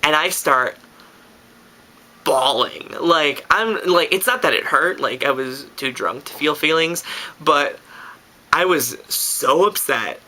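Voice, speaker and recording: A young man vlogging, telling a story in a casual, animated way and filling his talk with "like". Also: on the high side, slow.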